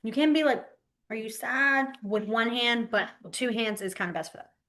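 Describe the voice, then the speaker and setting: Female teacher, lively and giggly, acts out examples, slightly high voice, webcam call. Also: fairly quick. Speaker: sign language teacher. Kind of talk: online class instruction. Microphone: webcam mic on a video call.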